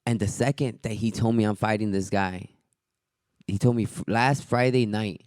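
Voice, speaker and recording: On a podcast, a fighter spins casual stories full of swearing, loudly and animatedly reenacting what others said. His voice is lowish and at normal speed, captured as clean studio sound with no room echo.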